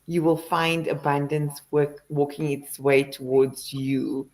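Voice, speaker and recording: Slow, low-voiced female host. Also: fairly even intonation, darkish tone, low-quality recording. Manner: reflective, affirming. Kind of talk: conversational interview.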